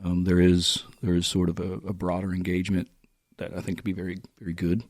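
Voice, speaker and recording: Brief: male co-host, thoughtful questioner, deep husky voice with fry, dry close sound. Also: monotone, quick pace, darkish tone, dry recording. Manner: thoughtful, asks questions, restarts often. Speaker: podcast co-host. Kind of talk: casual conversation.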